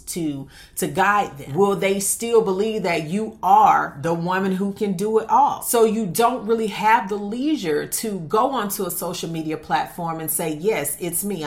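A woman coaching successful women on marriage, speaking emphatically and asking many rhetorical questions. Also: mid-range voice. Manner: calls listener "honey". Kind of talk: motivational monologue.

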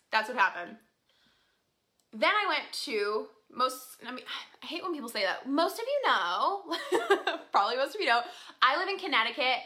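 Young woman, bright, sharp tone, higher-pitched, chatty storyteller with lots of fillers and laughs. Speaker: vlogger. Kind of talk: casual storytelling to viewers.

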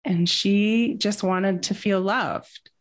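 A woman's voice: medium pitch, steady tone, slow pace. A woman talking as a guest in a casual interview, telling a personal story in an earnest, reflective way.

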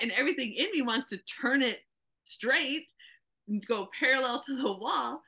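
A woman co-hosting a casual conversation, telling animated stories and acting out what people said. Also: fairly high pitch, normal speed. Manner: animated storyteller, acts out quotes.

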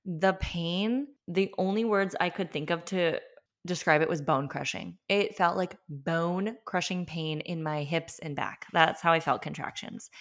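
Her voice low but fairly bright in tone, a young podcast host recounts her birth stories. She's chatty, candid and emotional, using plenty of fillers and holding nothing back.

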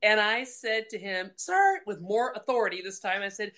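A woman's voice: mid-range voice, moderate pace. A middle-aged woman from Colorado, a guest telling a personal faith story and acting out the voices in it. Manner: lively storyteller acting out quotes.

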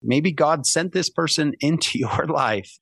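Animated storytelling man on a podcast. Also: measured pace, gravelly, breathy edge, dry recording. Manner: animated storyteller, acts out quoted voices with big pitch jumps. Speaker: podcast guest. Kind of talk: casual storytelling.

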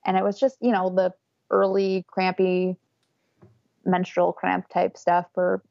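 A woman's voice: fairly low pitch, monotone, measured pace, vocal fry, a little mellow, no echo, lo-fi sound. A young woman casually telling a candid story, often laughing as she talks. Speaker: guest telling her birth story. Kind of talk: casual conversation.

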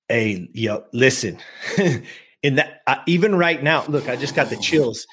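A man's voice: mid-range voice, lively intonation, a little slow, fairly bright tone, breathy edge. A man in his fifties from the US West Coast, a coach telling a personal story with emphasis and speaking straight to his listeners. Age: 50s. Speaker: guest, productivity coach.

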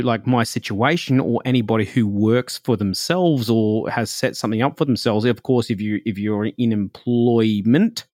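A man hosting a podcast, telling a personal story in a relaxed, reflective way, full of "like" and "you know". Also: lowish voice, no room sound, clean studio sound. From Australia. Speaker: podcast host.

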